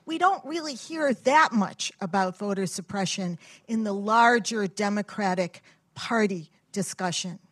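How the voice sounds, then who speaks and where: Husky woman journalist asking a question. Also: mid-range voice, unhurried, fairly bright tone, no room sound. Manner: searching, rephrases as she goes. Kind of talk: audience question.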